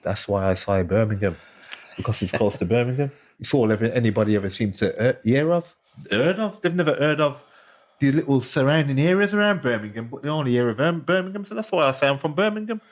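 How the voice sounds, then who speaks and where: A man's voice: mid-range voice, lively intonation, quick pace. Man, Black Country accent, retired boxer, chatty, repeats himself, casual podcast guest. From Smethwick, Black Country, England. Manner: chatty, repeats phrases, many "you know"s.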